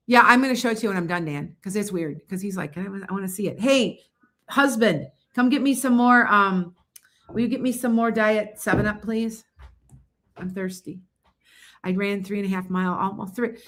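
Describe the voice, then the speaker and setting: A woman psychic hosting a casual livestream from home, talking fast in a rambling, animated way. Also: mid-range voice.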